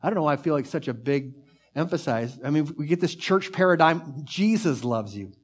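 Fervent preacher man, slightly high voice. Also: expressive, brisk. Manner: fervent, pace and volume swell then drop to soft near-whisper. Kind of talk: sermon.

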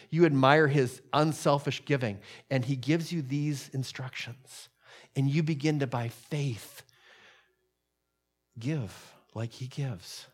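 A man preaching a sermon in a conversational, personal way, repeating himself and restarting phrases as he builds emphasis. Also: mid-range voice.

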